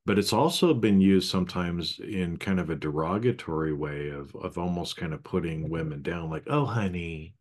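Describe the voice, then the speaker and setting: A man's voice: sits low, moderate pace, hardly any pauses. A man co-hosting a casual podcast, thinking aloud in a reflective way with many "you know"s. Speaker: podcast co-host.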